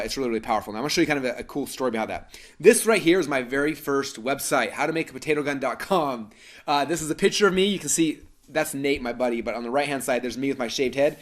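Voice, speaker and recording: A man in his thirties from Idaho, presenting a live webinar and telling a story in a fast, animated way with many fillers and restarts. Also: medium pitch. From Idaho, USA.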